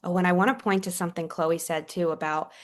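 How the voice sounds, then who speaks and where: A woman's voice: fairly low pitch, steady tone, fast. A woman, a priestess and author, talking earnestly and effusively as a podcast guest. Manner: earnest and effusive, with soft whispered asides. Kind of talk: casual chat.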